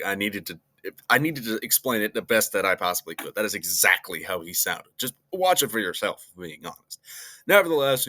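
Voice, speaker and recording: Bright-voiced man reviewing wrestling. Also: lowish voice. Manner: joking, laughs between remarks. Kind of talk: casual review commentary.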